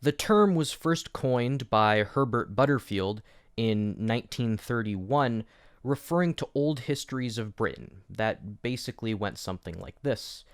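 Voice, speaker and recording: A man's voice: mid-range voice, lively intonation, measured pace, clean tone, no room sound, clean studio sound. A man hosting an educational video essay, explaining history with wry, jokey asides. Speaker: educational YouTube host.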